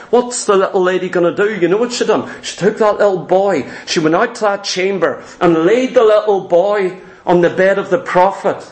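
A male preacher delivers an impassioned sermon full of rhetorical questions and repeated phrases. His voice is very high, and it echoes around a roomy church hall. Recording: echoey room.

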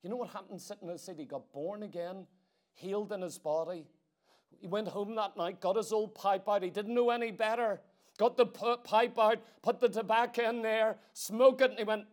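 A man preaching a sermon to a congregation, firing rhetorical questions and swinging between forceful emphasis and hushed intensity. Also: high-pitched, normal speed. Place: church meeting room.

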